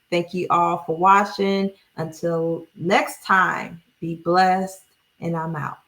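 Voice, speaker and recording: A woman's voice: on the low side, fairly even intonation, slow pace, fairly bright tone. A woman hosting her own channel, reading a legal document aloud and then chatting with viewers in a casual, sarcastic way.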